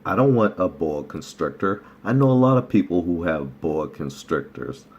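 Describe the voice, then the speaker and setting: A man's voice: sits low, big pitch swings, moderate pace, slightly rough, muffled recording, full character voice. A man voicing a blunt, impatient male customer in a read-aloud joke. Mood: dismissive.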